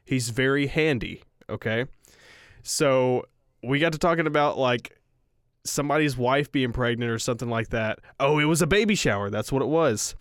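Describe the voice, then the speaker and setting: A man's voice: medium pitch, moderate pace, dry recording, studio quality. A man co-hosting a casual podcast, rambling through an awkward story, swearing and laughing at himself. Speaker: podcast co-host.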